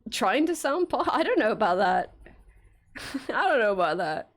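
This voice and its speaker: A woman's voice: fairly high pitch, sing-song, normal speed. A young woman streaming while she draws, chatting casually, giggling, swearing freely and answering her chat.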